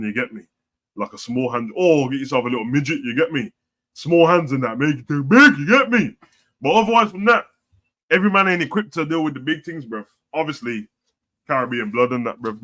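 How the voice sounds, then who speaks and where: A man hosting a casual live stream, reading out chat comments in a blunt, profane, heavy way. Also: on the high side. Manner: blunt, profane, slangy, swings between loud and quiet.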